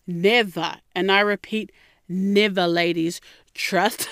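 A woman's voice: on the low side, smooth, no room sound, clean studio sound. A young woman telling a personal story in a blunt, sassy way, swearing heavily as she talks straight to her viewers. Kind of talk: candid storytelling monologue.

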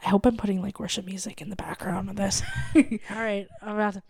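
A woman's voice: mid-range voice, steady tone, fast, gravelly, a little mellow, breathy edge, no echo, clean studio sound. A woman co-hosting a comedy podcast, chatty, with frequent "like" and laughter. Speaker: podcast co-host. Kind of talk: casual comedic chat.

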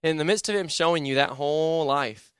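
A young man preaching a sermon and telling his own conversion story, swinging between loud urgent pleading and low, quiet intensity. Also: a little fast, clean tone, no room sound, clean studio sound. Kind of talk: sermon with personal testimony.

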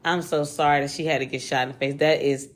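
A woman hosting a true-crime podcast alone, talking casually and quickly in loose slang and swearing freely. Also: deep voice, fairly even intonation, a little hiss or hum. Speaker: podcast host. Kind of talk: casual solo podcast chat.

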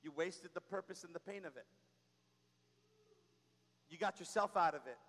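A pastor delivers a sermon in a high, fairly bright voice at a moderate pace, urging his congregation on with call-and-response. He is in a church sanctuary, and the recording carries the long reverb of a large hall.

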